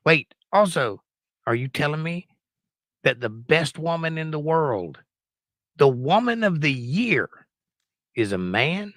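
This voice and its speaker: A Southern man mocks news clips in a sarcastic, theatrical announcer style. His voice is bright and forceful. The sound is dry and close. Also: mid-range voice, expressive, takes it slowly, pauses often, no echo. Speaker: guest commentator. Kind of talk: mocking commentary over news clips.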